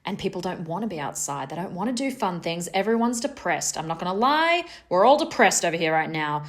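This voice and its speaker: A woman's voice: fairly low pitch, sing-song, brisk. Woman, podcast co-host, dry and chatty. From Australia. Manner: wry, chatty, self-deprecating. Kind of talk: casual chat.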